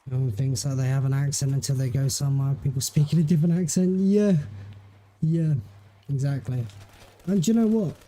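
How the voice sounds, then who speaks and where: A man with an English accent talks in a loose, rambling way while gaming, laughing easily between thoughts. His voice is very dark and mellow, with relaxed, everyday chat. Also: medium pitch, a little fast. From England. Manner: rambling, chatty, laughs often. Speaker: streamer. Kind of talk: casual chat during a game stream.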